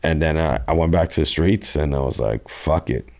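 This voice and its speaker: A young man from New York City telling stories as a podcast guest, profane and animated, acting out quotes. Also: extremely low pitch, moderate pace. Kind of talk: casual storytelling interview.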